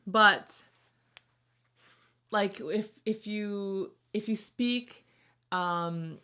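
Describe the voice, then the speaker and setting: A woman's voice: medium pitch, extremely slow, pushed and bright, clean tone. An American woman co-hosting a casual reaction video, chatting and thinking aloud. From United States. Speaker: channel co-host.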